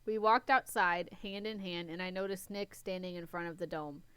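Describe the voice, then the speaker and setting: A woman's voice: fairly low pitch, steady tone, normal speed, a bit bright, clean tone, no room sound. A young woman co-hosting a show, casually reading a story aloud with playful asides and self-corrections.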